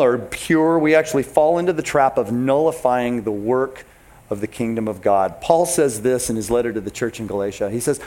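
Animated pastor, a man preaching. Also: mid-range voice. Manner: animated, emphatic, talks straight to the congregation. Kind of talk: sermon.

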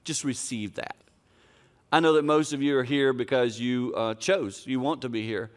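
A man's voice: medium pitch, normal speed. An older man preaching a sermon, telling a personal story in an earnest, conversational, folksy way. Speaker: pastor.

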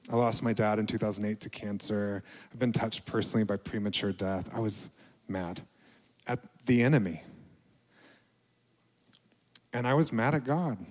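A middle-aged male pastor giving a reflective, confessional sermon, with quiet dips to near a whisper. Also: mid-range voice, long reverb tail.

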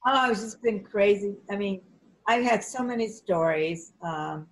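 A middle-aged woman telling lively anecdotes in an interview, jumping up in pitch as she acts out what people said. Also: a little slow. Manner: animated, acts out quotes in a high excited voice, frequent restarts. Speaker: actress and flight attendant, interview guest. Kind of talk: conversational storytelling.

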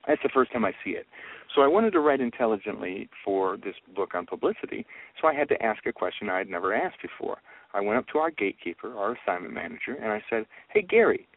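A man telling a story as a radio interview guest, animated and acting out the conversations he quotes. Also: fairly low pitch, fast, no echo. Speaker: guest, news reporter and publicity author. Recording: phone-line radio audio.

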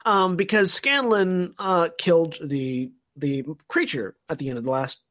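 A man's voice: a little high, a little slow, fairly bright tone. A man co-hosting a podcast, recapping an episode at length in a thoughtful, filler-heavy way. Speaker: podcast co-host. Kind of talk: casual podcast discussion.

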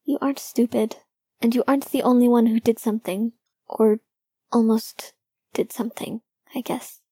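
A woman's voice: high voice, steady tone, unhurried, mellow, voice pushed up. A woman voicing a young man who is tearful and overwhelmed with love, his voice choked and breaking. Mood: hesitant.

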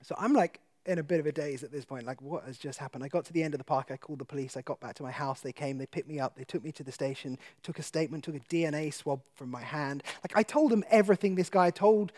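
A man with a notably high-pitched voice tells a personal testimony to an audience. He is animated and laughs easily. He turns quiet and low when the story grows tense. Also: quick pace, hardly any pauses. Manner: animated storyteller who laughs often and drops to a hush for tense moments. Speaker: guest speaker.

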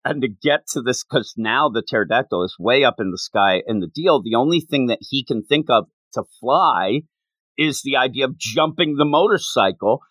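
A man's voice: mid-range voice, lively intonation, moderate pace, a bit bright, no echo. A young man co-hosting a manga podcast, retelling scenes with playful voices. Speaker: podcast co-host. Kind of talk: casual manga discussion.

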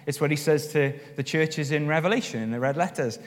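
Pastor preaching in a reverberant hall. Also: male voice, fairly high pitch, a little fast. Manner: animated storytelling, rising with emphasis. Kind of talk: sermon. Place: church hall. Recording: long reverb of a church hall.

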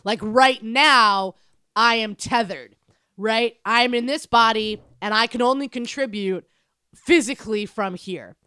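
A woman in casual chat, animated and playful, who laughs often and teases. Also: on the high side, a little slow, clear, resonant tone, dry recording, clean studio sound.

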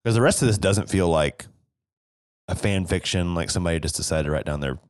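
A man from Tennessee with a very low voice talks through a book in a wry, analytical way. He drops playful asides into his points. The sound is dry and close to the mic. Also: a little fast, dry recording. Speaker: podcast co-host. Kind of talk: casual book discussion.

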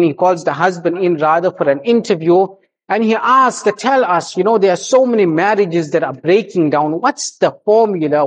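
A man's voice: sits high, poor audio. A man giving a marriage sermon, telling a humorous story and exhorting the congregation.

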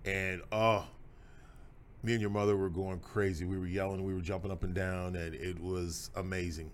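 A middle-aged man hosts a podcast conversation, his voice sitting very low. He tells his stories in a folksy, emphatic way. A faint hiss runs under the recording. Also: level tone, normal speed. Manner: folksy, emphatic, proud father telling stories. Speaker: host.

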